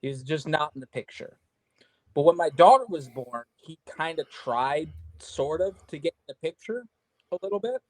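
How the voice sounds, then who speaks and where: A man's voice: fairly high pitch, lively intonation, normal speed, darkish tone, no room sound, poor audio. A man telling a wrestling road story in casual chat, swearing often and restarting his sentences. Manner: profane, rambling storyteller with many restarts. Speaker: guest wrestler. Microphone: remote call mic with audio trouble.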